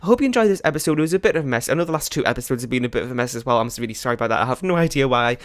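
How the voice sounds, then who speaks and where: A man giving casual gameplay commentary as a let's play host, rambling and chatty with many fillers and quick laughs. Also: mid-range voice, expressive, no room sound, studio quality.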